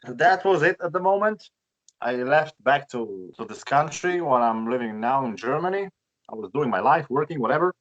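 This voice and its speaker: A man from Romania with a Romanian accent, telling a personal story in a halting, chatty way with many repeated words. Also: mid-range voice, lively intonation, muffled recording. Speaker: guest, bus collector. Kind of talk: casual storytelling.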